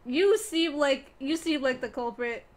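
Giggly high-voiced young woman streamer. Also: lively intonation, a little slow. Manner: giggly, playful, talks to chat and teammates. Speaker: gaming streamer. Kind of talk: casual gameplay commentary.

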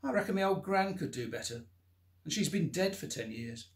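A man's voice: on the high side, normal speed, darkish tone, echoey room, pitched above the performer's own voice, close to an everyday voice. A man voicing a nervy man forcing bravado. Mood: defiant. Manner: strained, pushing himself to sound tough.

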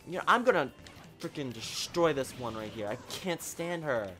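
A man giving excitable live commentary while playing a video game, talking at the screen and swinging from low mutters to sudden shouts. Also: moderate pace, faint music behind. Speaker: gaming channel host.

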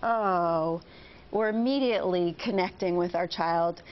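A woman's voice: mid-range voice, normal speed. Upbeat woman explaining parenting tips. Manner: upbeat, explains with acted example phrases. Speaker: parenting workshop instructor. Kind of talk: TV talk show guest interview. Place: TV studio. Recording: slightly dull TV audio with faint hiss.

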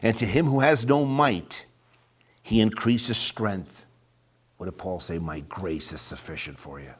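Reading scripture during a sermon, this fairly low-pitched man alternates between forceful proclamations and quiet, near-whispered remarks. His pace is measured, and his voice has a breathy edge.

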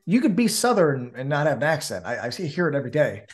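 Animated co-host with a Jersey accent, slightly high voice, casual talk. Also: male voice, fast talker, soft background music. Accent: New Jersey. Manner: animated, chatty, lots of restarts. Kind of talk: casual podcast chat.

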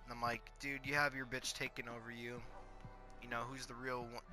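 A man's voice: mid-range voice, level tone, a little fast, bright, forceful tone. A teenage boy telling crude stories in casual, rambling talk full of fillers and swearing, over faint music. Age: teens. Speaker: storyteller.

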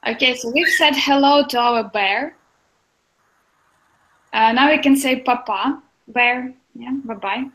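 A high-voiced woman speaking slowly on a video call as she teaches an online language lesson. She is patient and encouraging, taking her time over each step. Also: fairly bright tone, low-quality recording.

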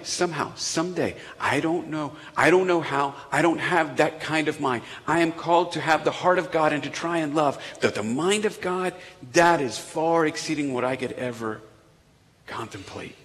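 A male pastor preaching in a large church sanctuary, his voice trailing off into a long hall echo. He tells the story with flair, swinging from loud emphasis down to hushed near-whispers. His voice sits at a middle pitch. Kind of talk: sermon.

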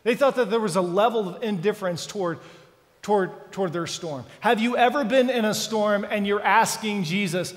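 A man's voice: sits high, moderate pace. A man preaching a sermon as pastor, dramatic and full of questions to the congregation. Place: church sanctuary. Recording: church hall reverb.

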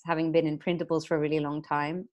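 A woman with a fairly low voice co-hosts a relaxed podcast. She tells personal stories in a chatty, easygoing way, full of quick asides. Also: highs cut off. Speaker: podcast co-host. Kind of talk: casual conversational podcast.

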